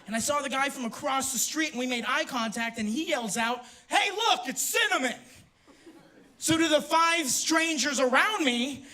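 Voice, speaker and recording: A young man doing a stand-up set in a university theater, brash and swearing, with sudden loud outbursts. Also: extremely high pitch, normal speed, hardly any pauses. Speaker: stand-up comedian. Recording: roomy theater, distant mic, audience laughter.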